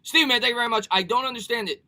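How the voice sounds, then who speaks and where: A man's voice: very high-pitched, very fast, pushed and bright. A man hosting a casual live sports stream, talking energetically, repeating himself and reading viewer comments aloud.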